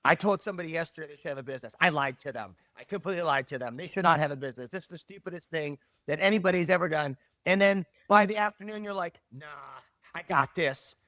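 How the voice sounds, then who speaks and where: A middle-aged man, a jiu-jitsu academy owner, talking in a casual interview with emphatic, animated delivery and repeated key phrases. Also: fairly high pitch, quick pace, hardly any pauses, no echo, clean studio sound.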